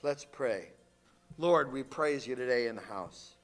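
A male pastor preaching a sermon, reading scripture and stressing points with sudden swings from loud to quiet. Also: mid-range voice, expressive, faint music behind. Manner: emphatic, slow preaching with dramatic swings in loudness.

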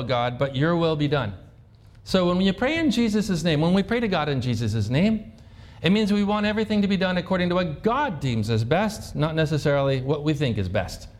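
A man with a notably high-pitched voice preaches a sermon. He keeps it conversational, throwing questions out to his listeners and acting out prayers in his own voice. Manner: conversational, asks the congregation questions. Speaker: pastor.

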